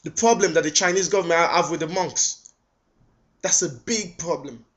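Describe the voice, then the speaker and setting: Guy ranting on his webcam, kinda high voice, stumbles and repeats himself, muffled lo-fi sound. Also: normal speed, fairly bright tone. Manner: indignant, repeats words, rhetorical questions. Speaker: vlogger. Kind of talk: ranting video response. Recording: dull lo-fi webcam audio.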